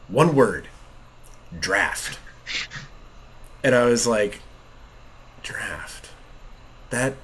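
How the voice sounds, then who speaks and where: Brief: man, 30s, casual gaming podcast co-host, lively storyteller who acts out dialogue, laughs a lot. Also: mid-range voice. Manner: animated storyteller, acts out quotes, laughs often. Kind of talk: casual chat while gaming.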